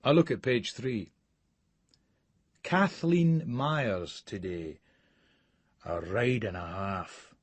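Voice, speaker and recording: A man's voice: fairly low pitch, extremely slow, long pauses, breathy edge, no room sound. A man with a Scottish accent reading a first-person novel as an audiobook narrator, coarse, profane and sneering.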